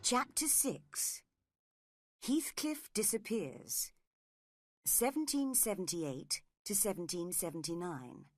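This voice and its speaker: A woman narrating an audiobook for English learners, clear and measured. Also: fairly low pitch, lively intonation.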